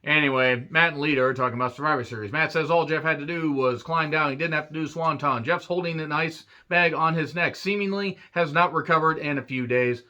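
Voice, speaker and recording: A man's voice: a little high, fairly quick, few pauses, pushed and bright. A man giving a casual, profane recap of an old wrestling show, full of wry, rambling asides. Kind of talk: casual retro recap commentary. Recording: dull lo-fi recording.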